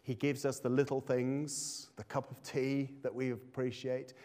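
A man delivering a sermon at an unhurried pace. He speaks reflectively and leans on repeated phrases to drive each point home. His voice sits at a middle pitch. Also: little pitch movement, mellow. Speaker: preacher.

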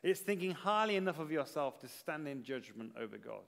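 A man preaching a sermon in an earnest manner, rising to emphatic repetition and then dropping low. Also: big pitch swings, fairly quick, gravelly, fairly bright tone, big-room sound.

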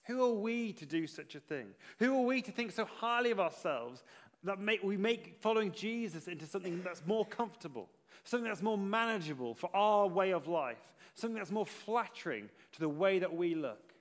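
A man preaching a sermon in an earnest manner, rising to emphatic repetition and then dropping low. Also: lively intonation, fairly quick, long reverb tail.

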